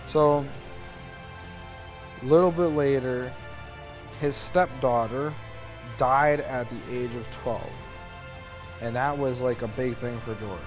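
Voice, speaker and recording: A man's voice: medium pitch, slow, long pauses, soft background music. A young man retelling history in a loose, rambling, slangy way, dropping into goofy quoted voices for the people in the story. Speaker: student narrator. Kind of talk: drunk history parody storytelling.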